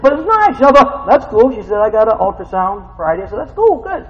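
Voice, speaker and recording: A man delivers a sermon in a chatty, storytelling way, peppering it with rhetorical questions. His fairly high voice leaps up and down with animated expression. The sound is dull and muffled, with a long reverb trailing off the walls of a large hall. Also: quick pace, hardly any pauses. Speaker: preacher.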